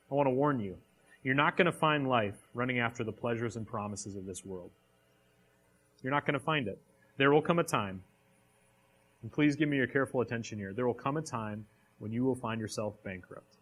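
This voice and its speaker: A man's voice: mid-range voice, fairly bright tone. A man reading a passage aloud and then preaching on it, with direct questions to a live audience. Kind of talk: sermon.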